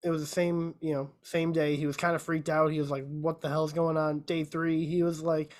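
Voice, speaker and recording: A woman's voice: low-pitched, flat delivery, brisk, darkish tone. A woman co-hosting a podcast, casually retelling a movie plot with lots of filler words. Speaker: podcast co-host. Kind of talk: casual chat.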